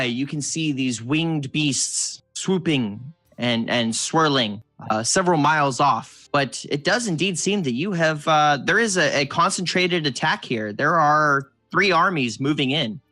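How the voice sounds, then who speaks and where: A man's voice: mid-range voice, pushed and bright, no room sound. A man narrating a tabletop game as game master, descriptive and given to restarts.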